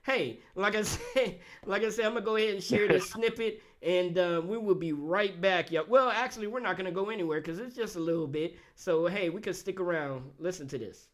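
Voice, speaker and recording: A male host chatting casually in an interview, excitable and quick to laugh. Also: high-pitched.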